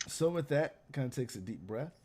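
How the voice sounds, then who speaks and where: A man narrating a tabletop game as game master, in a relaxed, drawling way with many fillers. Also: medium pitch, brisk.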